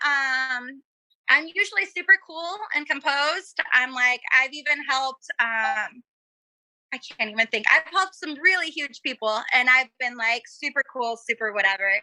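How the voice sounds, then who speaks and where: A chatty woman with a high, very bright voice tells stories in a casual talk-show chat. She giggles often and acts out quotes. The sound is dry and close. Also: dry recording. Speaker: podcast guest.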